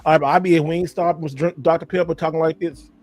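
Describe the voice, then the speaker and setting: A man's voice: fairly high pitch, steady tone, fast talker, crowd noise. A man in casual live-stream chat, talking loosely to viewers as y'all and cussing freely. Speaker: podcast host.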